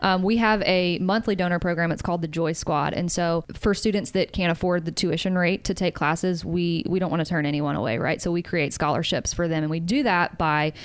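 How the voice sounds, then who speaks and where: A woman's voice: fairly low pitch, fairly quick, hardly any pauses, smooth. A young woman, founder of a dance studio, telling a story in casual conversation and acting out the quoted dialogue. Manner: animated, acts out quoted dialogue.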